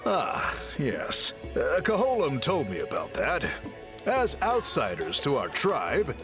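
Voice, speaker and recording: An actor voicing a giant, gentle male tribal chief in a video game, speaking with a deep, gurgling, solemn delivery. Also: huge pitch swings, takes it slowly, full character voice. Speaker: game character. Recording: game audio with music underneath.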